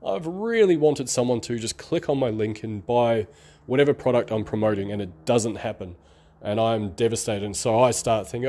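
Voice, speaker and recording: A middle-aged online marketing vlogger with a mid-range, darkish voice speaks at a moderate pace, his accent somewhere between Australian and New Zealand and marked by a slight lisp. He draws out his words in a rambling, candid monologue to camera.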